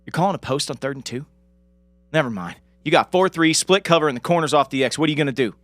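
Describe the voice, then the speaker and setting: A man's voice: a little high, animated, fast, fairly bright tone, no echo. A man reading the part of a bitter, injured young ex-quarterback who bluntly drills and scolds a teammate in a script read-through. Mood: drilling. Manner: blunt, scolding, tough-love pep talk.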